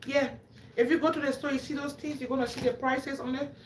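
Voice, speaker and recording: A fairly high-voiced woman from Africa with an African English accent chats casually with her viewers on a live stream. Her voice rings around an echoey room, with a faint background hum. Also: fairly even intonation, fast. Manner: chatty, talks straight to viewers.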